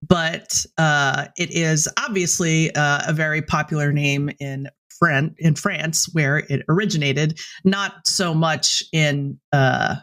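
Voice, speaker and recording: A woman in her thirties co-hosting a podcast, chatting in an animated, self-mocking, giggly way. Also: deep voice, slow pace, hardly any pauses. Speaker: podcast co-host. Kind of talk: casual chat.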